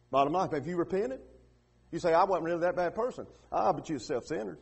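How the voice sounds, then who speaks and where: Husky-voiced preacher swinging loud to hushed. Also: male voice, animated, a little fast. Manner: dynamic, swinging from loud emphatic peaks to hushed lows; repetitive call-and-response questioning. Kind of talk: sermon. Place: church with radio and online broadcast.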